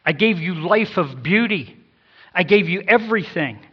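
A man voicing a stern, righteous male God in a sermon, with emphatic, booming declarations. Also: expressive, normal speed, breathy edge. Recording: dull lo-fi sound.

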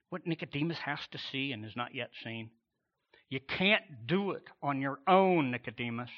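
A man preaching a sermon as pastor, emphatic, with dramatic pauses and swells in volume. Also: mid-range voice, expressive, muffled recording.

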